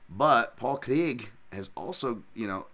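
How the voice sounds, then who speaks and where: A man's voice: mid-range voice, expressive, slow pace, bright, forceful tone, slight background noise. A man hosting a podcast, talking through fights in a casual, rambling way, often restarting sentences and adding asides. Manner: rambling, self-correcting, lots of fillers and asides. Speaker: podcast host and fight analyst.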